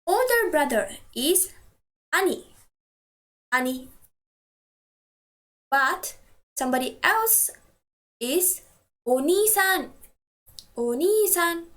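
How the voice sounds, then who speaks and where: A woman teaching a language lesson, patiently saying each word twice and slowly for practice. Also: high voice, big pitch swings, a bit bright.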